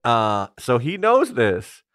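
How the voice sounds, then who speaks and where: A man co-hosting a podcast, chatting casually and retelling scenes with lively laughter. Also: medium pitch, takes it slowly, no echo, clean studio sound. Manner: animated retelling, laughs often. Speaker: podcast co-host. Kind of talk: casual chat.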